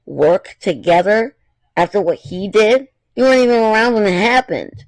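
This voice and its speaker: Man putting on a vengeful young woman, furious, shouting, high-pitched, gravelly. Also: big pitch swings, normal speed, dry recording. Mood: enraged. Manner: shouting insults, raised pitch.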